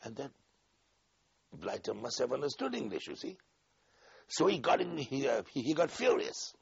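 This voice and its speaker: An older man recalling events in an oral history interview, acting out the dialogue with animated energy. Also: medium pitch, normal speed, vocal fry, husky, dry recording, highs cut off. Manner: animated storyteller, acts out dialogue, laughs often.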